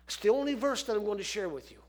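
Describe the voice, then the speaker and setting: A man's voice: high voice, expressive, very fast. A man preaching a sermon, folksy and repeating phrases for emphasis.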